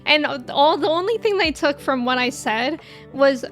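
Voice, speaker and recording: Young American woman game streamer, high-pitched, rambling casual chat with viewers. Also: expressive, unhurried, fairly bright tone, soft background music. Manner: chatty, rambling, laughs often.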